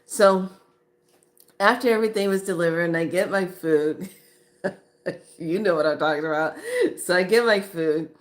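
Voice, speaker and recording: A woman vlogger telling a casual story in an animated way, acting out what people said and laughing often. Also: on the low side, normal speed, pauses often. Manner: animated, acts out quoted voices, laughs often.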